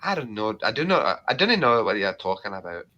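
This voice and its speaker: A brash, cocky Scottish bloke, as a man puts him on. He talks in a boisterous, teasing way. His voice is bright and swings around a lot. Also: lowish voice, big pitch swings, fairly quick, lo-fi sound, heavily acted.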